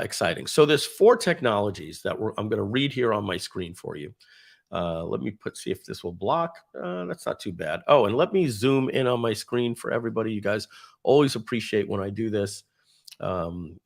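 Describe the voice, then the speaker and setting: A man's voice: lowish voice, gravelly. A man presenting a casual live stream, rambling and enthusiastic, with many fillers and restarts as he acts out quoted dialogue.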